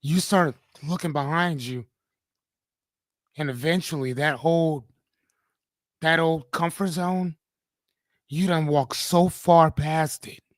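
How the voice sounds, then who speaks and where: A man's voice: fairly high pitch, fairly even intonation, takes it slowly, long pauses, no echo. A man hosting a live-streamed motivational talk, speaking casually, swearing freely and often checking in with "right?". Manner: casual, profane, keeps asking "right?".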